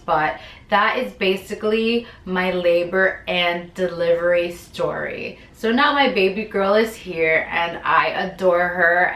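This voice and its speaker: A young woman vlogger telling her labor story to her viewers, animated and dramatic, acting out what people said. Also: on the low side. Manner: animated, dramatic retelling with acted-out quotes. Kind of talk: storytime vlog. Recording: echoey room.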